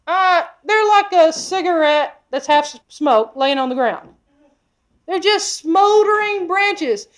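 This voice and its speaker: A woman preacher with a high voice delivers an expository Bible sermon. She is emphatic and keeps asking her listeners questions. Her delivery moves between loud, pressing stretches and quiet, hushed asides. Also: expressive, slow pace.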